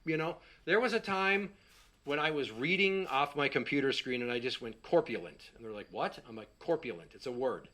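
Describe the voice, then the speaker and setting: A man's voice: medium pitch, brisk, pushed and bright. A middle-aged man doing a stand-up set, telling a profane, exasperated story and acting out the quotes. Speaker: stand-up comedian.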